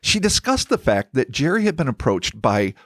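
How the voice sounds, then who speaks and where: A man's voice: medium pitch, sing-song, moderate pace, a bit bright, dry recording, studio quality. A man co-hosting a podcast, reading a paranormal story from a script and breaking off into wry, profane banter. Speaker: podcast co-host.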